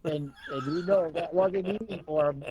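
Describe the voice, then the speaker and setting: A monster truck driver telling long stories in casual chat, rambling and animated. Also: male voice, a little high, normal speed, muffled recording, a little hiss or hum.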